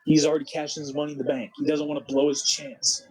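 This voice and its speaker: A man narrating a wrestling simulation game with an excited play-by-play recap, animated and full of restarts. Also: a little high, breathy edge, rough recording. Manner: animated, quick, with frequent restarts.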